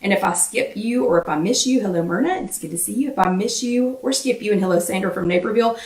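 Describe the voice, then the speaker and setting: A woman with a Southern US accent hosts a live chat, talking fast and greeting viewers by name, her voice still slightly irritated. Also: medium pitch, darkish tone, echoey room, far from the mic. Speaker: host of a live weight-loss chat.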